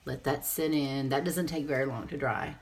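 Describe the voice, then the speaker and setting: A woman's voice: extremely low pitch, normal speed, noisy background. A woman giving a casual live makeup tutorial, chatty and rambling as she answers viewer comments. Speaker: makeup seller and presenter.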